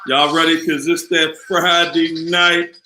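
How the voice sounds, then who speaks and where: A man from the Washington, D.C. area hosting a casual live online show, chatty and upbeat as he shouts out viewers by city. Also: a little high, level tone, measured pace, roomy sound, music in the background, low-quality recording. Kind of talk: casual live-stream chat.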